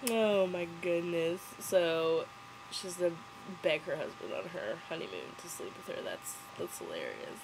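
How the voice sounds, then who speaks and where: A woman's voice: on the low side, sing-song, measured pace, vocal fry, background noise. Sarcastic, giggly young woman vlogger. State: sick. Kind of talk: casual movie commentary.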